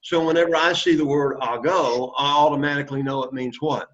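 A man lectures a classroom on Greek grammar, often checking in with students. His voice sits fairly high for a man, and he keeps it encouraging. The lo-fi classroom recording sounds dull and muffled. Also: steady tone, a little fast, fairly bright tone. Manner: encouraging, quizzes students, frequent "okay?" and "right?" checks. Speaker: Greek teacher.

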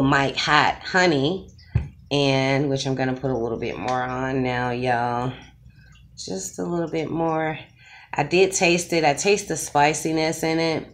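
A woman's voice: sits low, a bit bright. A woman hosting a casual eating-challenge vlog from her dinner table, chatting with viewers and calling them y'all and guys. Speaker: mukbang host.

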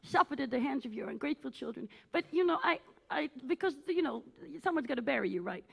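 A woman's voice: sits high, expressive, quick pace, creaky, fairly bright tone, breathy edge, heavily acted. A woman playing a needy, self-obsessed aging female cabaret diva, gushing and melodramatic as she teases the audience from a theatre stage. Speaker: cabaret performer. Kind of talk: live stage character comedy.

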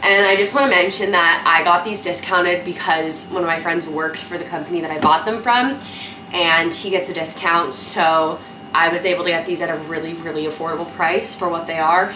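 A young woman vlogging casually from home, gushing and excitable, peppering her talk with "like". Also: lowish voice, background noise. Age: young adult. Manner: gushing, excitable, heavy use of "like". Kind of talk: casual vlog chat. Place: her apartment at night.

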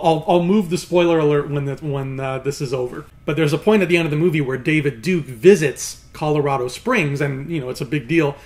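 A young man reviews a film casually and chattily, peppering his talk with "you know" and "like". His somewhat high voice jumps even higher when something bothers him, and he comes across animated and easily exasperated.

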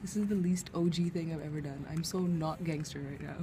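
A woman's voice: low-pitched, fairly even intonation, a little fast. A young woman from Canada vlogging casually to a handheld camera, playful and self-mocking. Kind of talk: casual vlog chat to camera. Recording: busy crowd and street noise around.

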